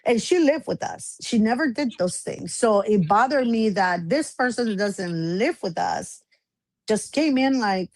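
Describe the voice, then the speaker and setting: A woman guest telling a personal story in casual chat, animated, acting out the back-and-forth she describes. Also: medium pitch, unhurried, no echo. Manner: animated, acts out quoted exchanges.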